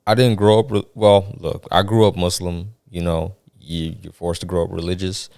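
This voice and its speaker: A man's voice: deep voice, little pitch movement, normal speed, a little mellow, no room sound, clean studio sound. A man chatting casually on a podcast, laid-back and dropping "man" and "you know" often. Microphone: podcast studio mic.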